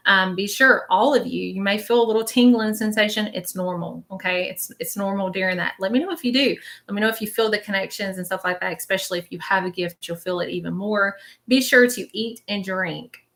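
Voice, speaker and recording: A woman's voice: medium pitch, fairly quick, fairly bright tone. A woman leading a live-stream reading as a spiritual medium, chatty and reassuring, often checking in with her viewers.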